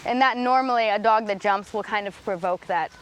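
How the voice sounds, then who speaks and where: A woman's voice: medium pitch, a little fast, a bit bright. A woman dog trainer explaining in a vlog, plain-spoken and patient as she walks through each tip. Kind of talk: instructional vlog.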